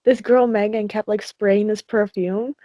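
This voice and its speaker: A woman's voice: medium pitch, fairly even intonation, a little slow, warm tone, no echo, poor audio. A teenage girl co-hosting a podcast, rambling through a dream story in casual chat and laughing between lines. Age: teens. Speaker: podcast co-host.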